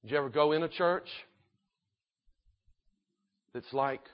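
A man preaching a sermon in an earnest, emphatic way, slowing down and swelling in volume to drive points home. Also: a little high, highs cut off.

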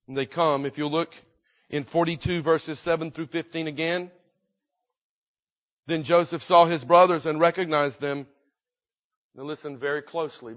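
Earnest preacher man, slightly high voice. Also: muffled recording. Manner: earnest, slow and emphatic, with swells in volume. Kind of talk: sermon.

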